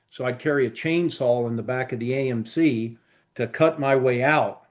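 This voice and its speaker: A man's voice: mid-range voice, normal speed. A man with a mid-range voice chats casually on a podcast. He tells long, rambling stories filled with fillers. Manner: rambling storyteller, many fillers. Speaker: podcast co-host. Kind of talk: casual chat.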